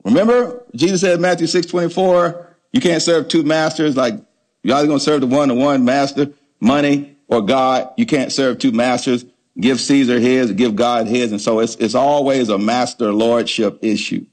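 A man's voice: mid-range voice, steady tone, normal speed, darkish tone. A man preaching a sermon, stressing points by repeating words and asking the congregation questions. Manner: emphatic preaching with call-and-response questions. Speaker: pastor.

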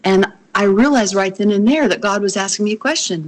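A woman's voice: mid-range voice, a little fast. A middle-aged woman, earnestly telling a personal faith testimony as a guest and acting out the voices in it. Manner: earnest, storytelling, acts out quoted voices.

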